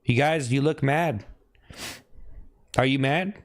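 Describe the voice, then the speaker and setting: A male streamer who keeps prodding his viewers with the same mocking questions over and over. His voice sits at a middling pitch, and he suddenly breaks off into high yelps. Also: slow pace. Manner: teasing, repetitive needling questions. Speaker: live streamer. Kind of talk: live stream chat banter.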